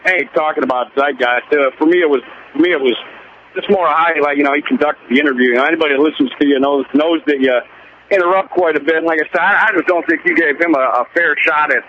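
A man from Michigan calling into a radio show, talking quickly and stumbling over repeated words. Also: on the high side, muffled recording, slight background noise. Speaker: caller. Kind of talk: call-in radio conversation.

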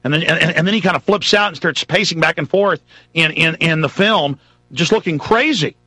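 A man's voice: on the high side, normal speed, pushed and bright, no echo. A man hosting a talk radio show, ranting in a rambling, dramatic monologue.

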